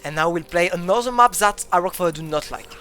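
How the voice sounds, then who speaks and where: An excitable caster calls a live strategy match in non-native English, breaking into sudden loud exclamations. The voice is mid-pitched. Faint music plays underneath. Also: brisk. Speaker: esports caster. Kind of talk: live game commentary. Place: broadcast booth.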